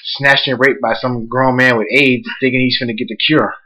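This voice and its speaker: A man's voice: mid-range voice, flat delivery, normal speed, bright, forceful tone, poor audio. A man co-hosting a podcast, chatting casually and trading teasing jokes. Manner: joking, teasing banter. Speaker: podcast co-host. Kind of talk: casual chat.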